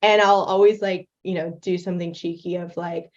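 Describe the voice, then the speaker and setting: A young woman talks through her animation setup in a loose, chatty way, full of fillers and quick laughs. Her voice sits a little low and comes over a dull, lo-fi call line. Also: steady tone, a little mellow. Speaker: guest creator demonstrating animation software. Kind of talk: casual livestream chat. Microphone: video call.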